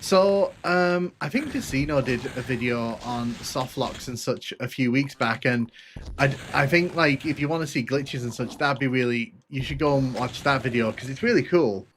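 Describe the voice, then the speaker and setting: A man chatting loosely through a live gameplay stream, his voice of ordinary middle pitch. He talks in halting bursts full of fillers and restarts as he answers viewers. A faint hum sits behind him. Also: a bit bright. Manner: rambling, hesitant, many restarts and fillers. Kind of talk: casual live gameplay commentary.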